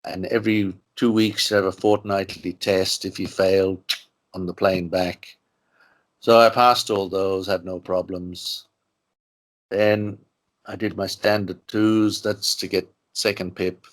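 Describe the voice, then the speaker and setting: A man's voice: sits low, level tone, unhurried. An older man from Ireland, an interviewee, telling long stories in a rambling way with many "you know" asides. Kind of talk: relaxed storytelling interview.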